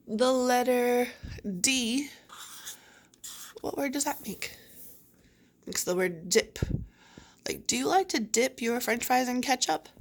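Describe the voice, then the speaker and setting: A woman teacher giving a phonics reading lesson to young children, slowly sounding out each word. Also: a little high. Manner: slow, clearly sounding out words.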